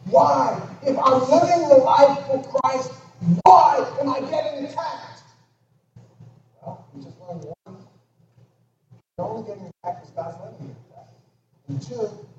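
Echoey preacher man swinging loud to hushed. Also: a little high. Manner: emphatic, swinging from loud exclamations to hushed near-whispers. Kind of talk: sermon. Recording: echoey hall, distant dull mic with noise.

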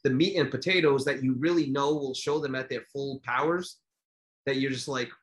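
A man's voice: medium pitch, moderate pace. A man in his thirties co-hosting a casual podcast, telling stories with lots of fillers and restarts. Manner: animated storyteller, many fillers and restarts. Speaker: podcast co-host.

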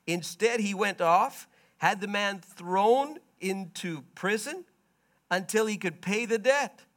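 A man preaching a sermon, retelling a story in plain words and swinging from quiet murmurs to loud, emphatic bursts. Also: high voice, creaky. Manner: stops to explain in plain everyday words.

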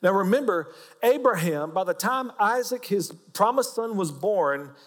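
Man, pastor, Oklahoma accent, sermon, folksy, joking, highish voice, long hall reverb. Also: a little slow. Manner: folksy, joking, animated preaching.

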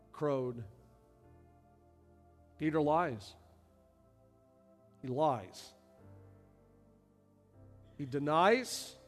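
A male pastor preaching a sermon, dropping to quiet low stretches and then rising to loud shouted passages. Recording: reverberant hall with faint music.

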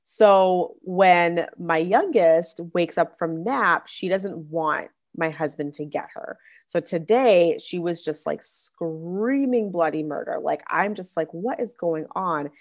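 A woman's voice: fairly low pitch, slow pace. A young adult woman hosting a podcast, talking casually about faith and parenting, with a chatty manner full of "like" fillers and restarts. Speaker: podcast host.

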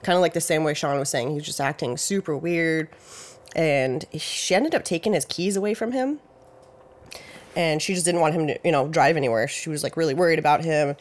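A casual true-crime podcast host talks in a loose, rambling way. Details get hedged with "I think" and "I believe", and the talk is full of "like" and "you know". The pitch sits in a middle range. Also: brisk.

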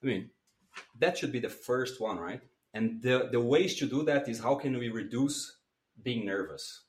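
Guy coaching on public speaking, lively, plays with his voice, middle pitch, echoey room. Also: moderate pace. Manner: lively, demonstrates voice changes, non-native phrasing. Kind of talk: animated interview talk. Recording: roomy echo.

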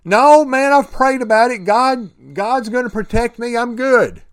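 A man's voice: high voice, fairly even intonation, normal speed, clean tone, pitched above the performer's own voice, natural voice. A man voicing a stubborn man stranded in a flood, refusing help in a raised, insistent voice.

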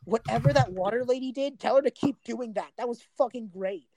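A crude little animal familiar, blunt and enthusiastic, as a woman puts it on. It gushes with a slightly raised pitch over a dry, close recording. It stays near an everyday speaking voice. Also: fairly quick, warm tone, dry recording. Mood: delighted.

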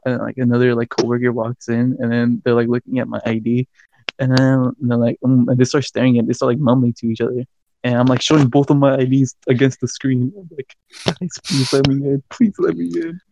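Young man, podcast co-host, casual storytelling, rambling, swearing, mellow tone, dry dull recording. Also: mid-range voice, fast, dry recording. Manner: rambling, swears a lot, animated retelling.

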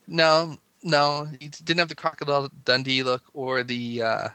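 A man's voice: fairly high pitch, moderate pace, sharp tone, smooth, dry recording. A man co-hosting a podcast in casual chat, rambling and laughing as he talks. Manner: chatty, rambling, laughs often. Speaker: podcast co-host.

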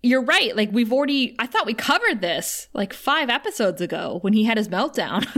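A young woman co-hosting a podcast, recapping a TV episode in a chatty, animated way and quoting the characters. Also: fairly high pitch, normal speed. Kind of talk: casual chat.

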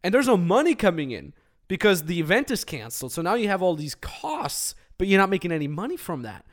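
A man co-hosting a business podcast in casual, energetic chat, with jokey asides. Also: sits high, a little fast. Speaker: podcast co-host.

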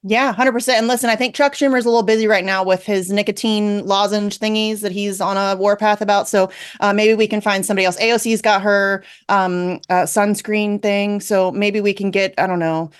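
A woman's voice: mid-range voice, fairly even intonation, brisk, few pauses, clear, resonant tone. A woman hosting a talk radio show, chatty and upbeat as she introduces guests and reacts. She talks in a mid-range voice and leans on easy fillers between thoughts.

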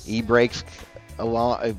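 A man's voice: mid-range voice, creaky. A man hosting a casual morning golf radio show, rambling and chatty with self-deprecating asides, on a broadcast mic. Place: broadcasting from a bar.

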